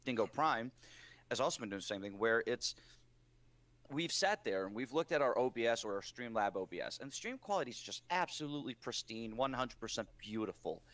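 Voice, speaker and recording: An animated man co-hosting a casual podcast, his voice of middling pitch. He talks in an opinionated way and leans on rhetorical questions. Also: a little fast.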